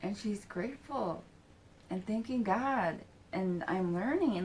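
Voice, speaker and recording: A woman shares a personal story in a halting, casual manner, loaded with fillers and swearing, acting out what people said and sometimes going down to a whisper. Her voice is medium-pitched, animated and darkish, and the low-quality recording has slight background noise.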